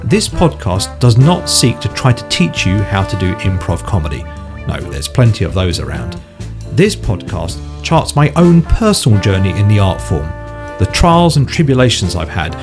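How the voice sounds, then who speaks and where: A man hosting a podcast, talking in a chatty, self-deprecating way and often restarting his sentences. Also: mid-range voice. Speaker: podcast host. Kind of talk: casual conversational podcast.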